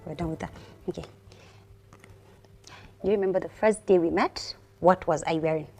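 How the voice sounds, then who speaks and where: A woman's voice: on the low side, moderate pace, mellow. Teasing young woman. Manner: bossy, teasing, laughs often. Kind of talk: playful couple game chat. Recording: music playing over the talk.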